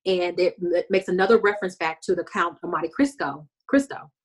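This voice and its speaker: Woman recapping a show, chatty and animated, acts out the lines, lowish voice. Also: a little fast, husky. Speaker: podcast co-host. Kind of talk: casual episode recap chat.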